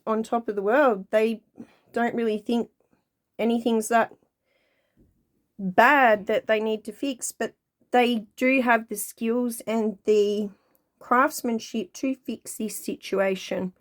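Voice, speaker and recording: A woman giving a casual, chatty tarot card reading to her viewers, talking at an easy, drawn-out pace. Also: a little high, fairly even intonation. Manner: chatty, drawn-out, sings song lyrics along. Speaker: tarot reader.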